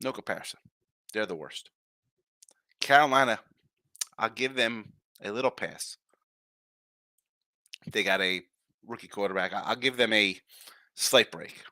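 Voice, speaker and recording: A man's voice: on the low side, unhurried, long pauses, bright, forceful tone, dry recording, studio quality. A man hosting a live sports betting show, giving brash, jokey picks and chatting with viewers in the comments.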